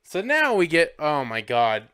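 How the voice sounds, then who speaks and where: A man co-hosting a podcast, recapping a movie in loose chat. His voice is a bit high, smooth and clear. He giggles often, restarts his sentences and jumps from point to point. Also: wildly swooping pitch, a little slow, fairly bright tone. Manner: scattered, giggly, many restarts. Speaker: podcast co-host.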